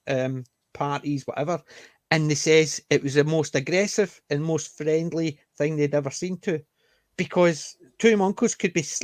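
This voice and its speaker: Lively man, slightly high voice. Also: no echo. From Scotland. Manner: animated anecdote teller, lively. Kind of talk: casual conversational storytelling.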